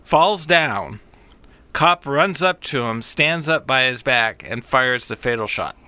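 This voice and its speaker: Bright, smooth man, dry delivery. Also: mid-range voice, lively intonation, slow pace, dry recording. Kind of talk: casual chat.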